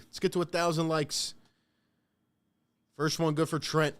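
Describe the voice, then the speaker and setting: A man's voice: on the high side, steady tone, normal speed, pauses often, a bit bright, clear, resonant tone. A young man hosting a casual live stream, calling play-by-play and reacting, talking slangy and straight to his chat from a home setup.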